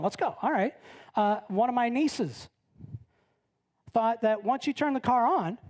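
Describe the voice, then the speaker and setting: A middle-aged woman pastor delivering a conversational sermon, telling stories with frequent tag questions and acting out the voices of the people in them. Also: darkish tone. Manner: chatty storytelling, frequent "right?" tag questions; acts out quoted voices with big pitch jumps. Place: church sanctuary.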